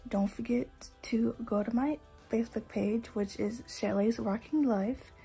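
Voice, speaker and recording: Young woman vlogger kinda out of breath, chatty, dark mellow voice, talks slow. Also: fairly high pitch, creaky, slightly rough, faint music behind, poor audio. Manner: chatty, filler-heavy, addresses viewers as you guys. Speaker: fitness vlogger. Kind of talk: casual vlog talk to viewers.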